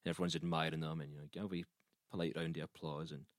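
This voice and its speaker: A man's voice: extremely low pitch, little pitch movement, very fast, no echo, studio quality. A man telling a rambling comic story, stumbling and restarting as he goes. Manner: rambling, self-interrupting with repeated restarts.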